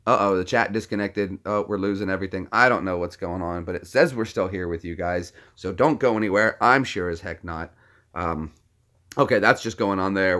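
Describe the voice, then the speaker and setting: A man's voice: low-pitched, fairly bright tone. A man casually chatting with his live-stream viewers between impressions, rambling and friendly. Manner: chatty, rambling, talks to chat.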